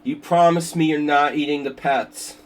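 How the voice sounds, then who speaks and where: A man's voice: on the high side, steady tone, moderate pace. Joking, rambling older male chess streamer. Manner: joking, rambling, with many restarts and asides. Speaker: chess streamer hosting a simul. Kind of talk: casual livestream chat.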